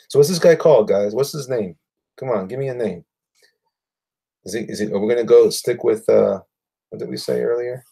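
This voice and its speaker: A man's voice: mid-range voice, a little fast, creaky, long pauses, warm tone, husky. A man chatting casually with viewers while drawing on a livestream, rambling and muttering to himself.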